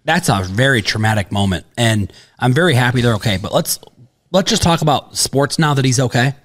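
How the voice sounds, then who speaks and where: A man's voice: medium pitch, animated, fairly quick, fairly bright tone. A man co-hosting a sports betting podcast, talking bluntly and casually, often stumbling and restarting.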